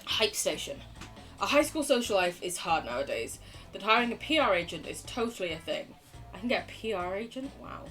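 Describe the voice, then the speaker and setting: Young woman streamer, lively and sweary, casual let's-play chat over quiet game music. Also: mid-range voice, fairly quick, distant mic. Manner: jokey, swears freely, reacts out loud.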